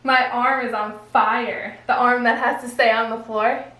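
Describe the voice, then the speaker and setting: A woman's voice: a little high, fairly even intonation, a little slow. A woman fitness vlogger talking casually while straining through an exercise she demonstrates. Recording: echoey room with music behind.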